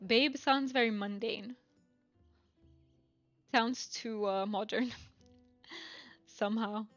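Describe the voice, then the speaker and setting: A woman's voice: a little high, slow, a bit bright, no echo, muffled recording, faint music behind. A woman streaming a game, chatting casually and musing aloud to her viewers. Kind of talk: casual gameplay commentary.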